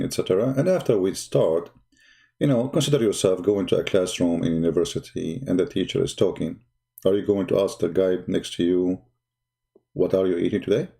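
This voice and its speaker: A man's voice: sits low, creaky. Mocking man hosting a live stream. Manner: mocking, sarcastic, gets loud and excited. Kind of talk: live-streamed religious debate talk.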